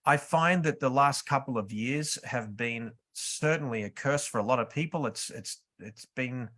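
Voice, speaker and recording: A man's voice: mid-range voice, moderate pace, fairly bright tone. Earnest man commenting on photos. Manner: earnest, enthusiastic, with restarts. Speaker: photographer commentating his own footage. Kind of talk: reflective voice-over commentary.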